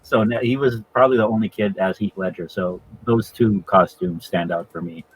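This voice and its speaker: A man in his forties, a father, chatting casually on a podcast, hesitant with many pauses and chuckles. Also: fairly low pitch, slightly rough, dry recording, poor audio. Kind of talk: casual chat.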